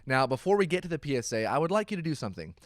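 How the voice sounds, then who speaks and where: A man's voice: a little high, very animated, racing, dry recording. Chatty man hosting a church podcast, dry close sound. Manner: chatty, playful, self-deprecating. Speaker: podcast host. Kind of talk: casual church podcast intro. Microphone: close studio microphone.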